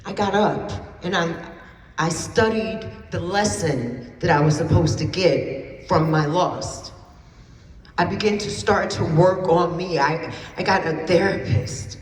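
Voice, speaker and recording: A woman's voice: on the low side, slow. A woman giving an emphatic personal testimony as a keynote speaker at an event, repeating phrases for effect. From New Jersey. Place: event hall. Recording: roomy hall from a distance.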